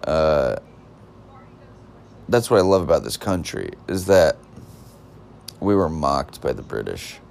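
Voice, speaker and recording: A man's voice: very deep voice, sing-song, slow pace, creaky, long pauses, darkish tone. A man delivering a rambling, scornful comedic rant, often breaking off and restarting his sentences. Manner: rambling, self-interrupting, scornful.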